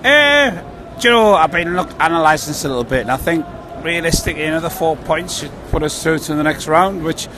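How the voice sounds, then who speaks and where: A man's voice: a little high, animated, a little fast, bright, forceful tone. A man, giving rambling, earnest predictions about a football match outdoors. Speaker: football fan guest. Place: outdoors on a busy city street. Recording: noisy street background.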